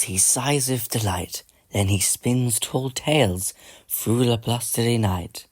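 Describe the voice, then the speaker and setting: A man reading a picture book aloud as a slow bedtime story, lilting and rhythmic, drawing out the refrains. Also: lowish voice, no echo. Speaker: storybook reader.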